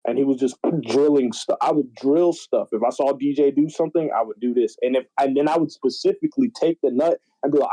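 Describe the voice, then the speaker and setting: A young man in casual podcast chat, telling stories in an animated, slangy, profane way. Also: mid-range voice, a little fast, hardly any pauses, rough recording. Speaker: podcast guest.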